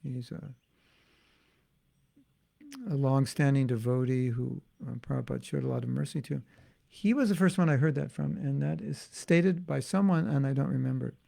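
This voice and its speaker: A man's voice: medium pitch, normal speed, gravelly, mellow. A man giving an informal devotional class as a spiritual teacher, talking in a musing, conversational way with frequent restarts and asides.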